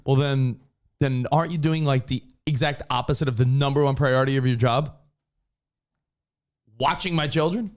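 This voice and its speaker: A man's voice: fairly quick, clear, resonant tone. A man co-hosting a talk show, chatting casually and acting out quoted people. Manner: animated, acts out quoted people with big pitch jumps. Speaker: co-host. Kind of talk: casual radio show banter.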